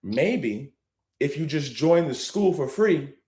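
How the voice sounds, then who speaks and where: A man hosting a livestream, hyping the audience and preaching about business, swinging between loud and hushed. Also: a little high, expressive, slow pace, echoey room. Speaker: livestream host. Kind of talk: hyped livestream talk.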